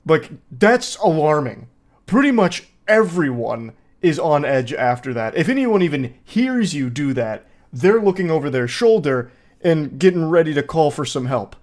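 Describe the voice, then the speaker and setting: A man's voice: a little high, big pitch swings, measured pace. A man hosting a comedic reaction commentary, talking sarcastically and sounding incredulous at what he watches. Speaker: host reacting to videos.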